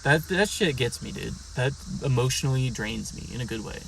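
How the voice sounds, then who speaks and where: Young male podcast co-host, mid-pitched, dry jokey delivery, mic set back with faint noise. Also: lively intonation, a little fast, vocal fry, distant mic. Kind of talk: casual chat reviewing album songs.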